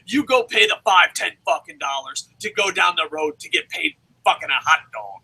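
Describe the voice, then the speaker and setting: A man co-hosting a wrestling review show, ranting loudly and cursing as he argues his point. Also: sits high, big pitch swings, moderate pace, breathy edge, poor audio. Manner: profane, shouting, ranting. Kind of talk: heated opinion rant.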